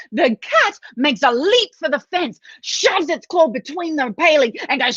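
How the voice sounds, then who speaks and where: A woman telling a bilingual children's story, animated and laughing, dropping to whispers for suspense. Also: sits high, measured pace, no room sound, dull audio. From Australia.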